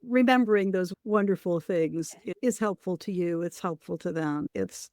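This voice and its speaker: A woman hosting a podcast who asks warm, encouraging questions. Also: lowish voice, moderate pace, dry recording, studio quality. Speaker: podcast host. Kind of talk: interview conversation.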